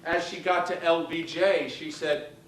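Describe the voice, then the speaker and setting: A man performing a one-man show, telling gossipy stories on a live theater stage in a lively, theatrical manner. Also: a little high, measured pace, a little hiss or hum. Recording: echoey theater from far off.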